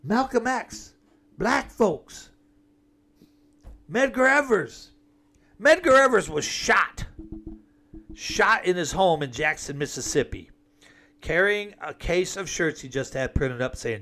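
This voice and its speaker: A man's voice: a little high, a bit bright. A man delivering an emphatic, rambling political monologue with sarcastic asides. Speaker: political commentator.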